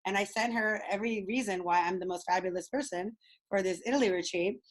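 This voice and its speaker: A woman leading a group coaching call over video, bubbly and excitable, laughing often. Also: medium pitch, a little fast, low-quality recording. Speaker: speaking coach.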